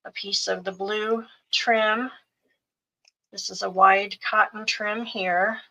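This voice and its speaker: A middle-aged woman slowly showing off craft supply bundles piece by piece on a live sales show. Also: medium pitch, level tone, sharp tone, poor audio. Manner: unhurried, listing items one by one.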